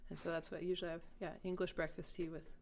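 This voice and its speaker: A woman's voice: lowish voice, little pitch movement, quick pace, darkish tone, slight background noise. A woman who teaches English, chatting casually on a school podcast and explaining things patiently. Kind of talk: casual chat.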